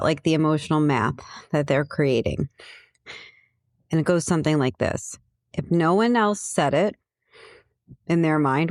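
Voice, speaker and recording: A woman's voice: sits low, a little mellow, dry recording, clean studio sound. A woman talking as an emotional abuse coach, telling a personal story in an earnest, reflective way and repeating her key phrases.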